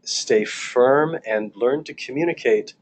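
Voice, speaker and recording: A man teaching church leaders in a calm, measured seminar talk, often restarting his phrases and repeating key points. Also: medium pitch, a little hiss or hum. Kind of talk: recorded seminar lecture.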